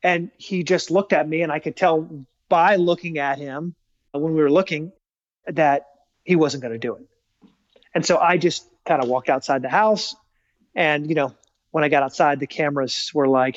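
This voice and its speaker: A man with a fairly high voice tells stories as a podcast guest, energetic and emphatic, and he plays out the lines he quotes. The sound is dull and slightly lo-fi, close and dry, with no room around it. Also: brisk, no room sound. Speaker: guest, speaker and author. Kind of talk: casual storytelling in a podcast interview.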